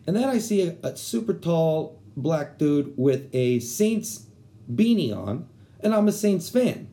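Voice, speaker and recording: Young man from Texas, casual storyteller: mellow tone, lively and profane. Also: on the high side, a little slow. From San Antonio, Texas. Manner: animated, profane, slangy.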